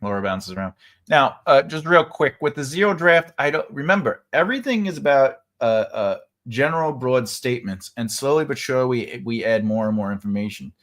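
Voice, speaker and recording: A man hosts a casual livestream writing lesson from home, talking in a loose, chatty way full of fillers and restarts. His voice is medium in pitch and a bit bright, and he speaks briskly and animatedly.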